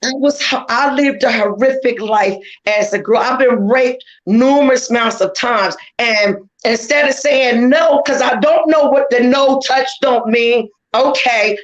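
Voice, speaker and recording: A woman's voice: fairly high pitch, unhurried, few pauses. Earnest woman on a dull recording. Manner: earnest, emphatic, repeats phrases. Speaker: panel guest sharing survivor story. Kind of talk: emotional testimony on a panel.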